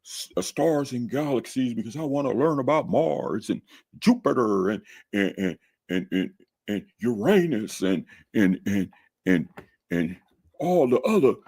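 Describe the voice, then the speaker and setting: A man's voice: medium pitch, very animated, a little slow, a little mellow, husky, no echo, studio quality, exaggerated voice. A man voicing an eager young college student who stammers and repeats words.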